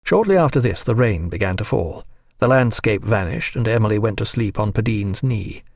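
A man narrating a novel in a measured, even audiobook reading. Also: lowish voice, gravelly, no room sound, studio quality. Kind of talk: scripted narration.

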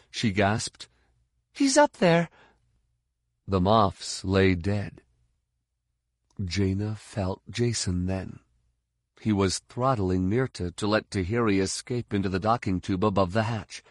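A man narrating an audiobook in a steady, measured voice. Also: lowish voice, no room sound, clean studio sound. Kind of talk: scripted narration.

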